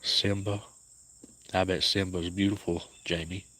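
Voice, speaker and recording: A man with an Appalachian accent, hosting a casual livestream outdoors and speaking softly to viewers by name. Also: deep voice, flat delivery, unhurried. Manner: soft-spoken, grieving, talks to viewers by name. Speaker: cat sanctuary livestream host.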